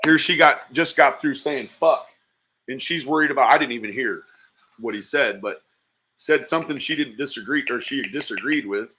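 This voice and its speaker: Bright-voiced man heckling with profanity. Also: mid-range voice, moderate pace, a little hiss or hum. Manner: heckling, insulting, mocking. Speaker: livestream commentator. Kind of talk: profane reaction commentary.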